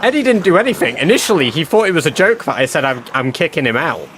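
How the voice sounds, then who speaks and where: A man chatting on a game stream, telling a story in an animated, swearing manner. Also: a little high, fast talker, a little hiss or hum. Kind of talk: casual livestream chat. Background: game music.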